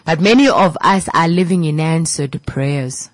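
A woman hosts a radio show with a low voice, giving a heartfelt motivational talk to her listeners. She repeats her lines and sinks into near-whispers, and her voice comes across dry and close on a studio mic. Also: unhurried, dry recording, rough recording. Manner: repetitive, preachy, emotional, drops to a whisper at times. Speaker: radio host.

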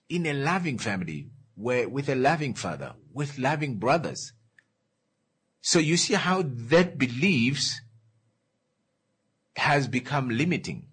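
A man's voice: medium pitch, a bit bright, slightly rough. A man teaching, stopping to ask the listener questions and working through examples. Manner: asks the listener questions, gives worked examples. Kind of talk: explanatory lecture.

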